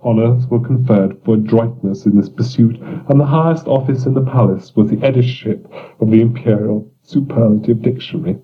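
A man narrating surreal fiction in a measured, deliberate audiobook reading. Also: medium pitch. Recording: dull lo-fi recording.

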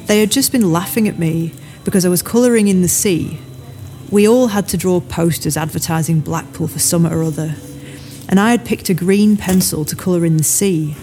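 A woman's voice: fairly low pitch, dark tone, lightly acted. A woman voicing a brash storyteller. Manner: blunt, swearing, teasing. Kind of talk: audiobook character voice.

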